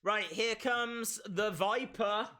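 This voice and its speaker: A man's voice: sits high, slow pace, sharp tone, smooth. A man hosting a casual live reaction stream of a wrestling show, playfully repeating phrases and reading out viewers' chat.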